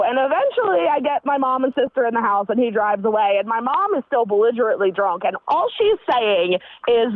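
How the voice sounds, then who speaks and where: A woman's voice: sits high, brisk, no room sound, low-quality recording. A woman calling into a comedy show, telling a story and acting out what others said. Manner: animated, acts out what others said. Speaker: caller. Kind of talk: casual storytelling.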